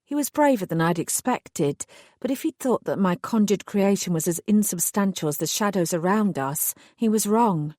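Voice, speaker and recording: A woman narrating a paranormal romance audiobook in the first person with measured, wry delivery. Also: mid-range voice, animated, darkish tone, no room sound, clean studio sound.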